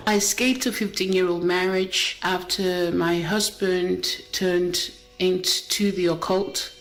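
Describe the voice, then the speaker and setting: A woman recording a calm, matter-of-fact testimony update from a hospital. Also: medium pitch, rough recording. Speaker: testimony giver.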